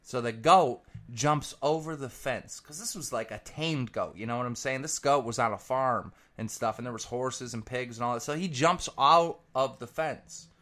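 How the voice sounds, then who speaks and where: A man commentator telling a rambling, profane comic story with animated energy. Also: mid-range voice, normal speed, few pauses.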